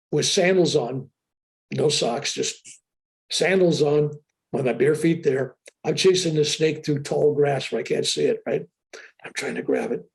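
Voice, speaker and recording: An older man tells a story in an interview with animated excitement, his voice a little high. There is a gravelly edge to it as he talks from a room over a video call. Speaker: interview guest. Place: room with a sheetrock wall.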